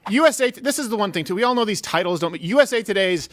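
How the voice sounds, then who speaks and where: A man hosting a comedy talk show in a studio. He is loud and jokey, swears, and swings into mock outrage. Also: high voice, animated, quick pace, no echo. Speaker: host.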